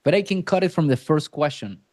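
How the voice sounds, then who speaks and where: A man coaching a sales team, speaking bluntly and emphatically in casual, animated bursts. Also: on the high side, a little fast, no room sound. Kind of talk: coaching a role-play session.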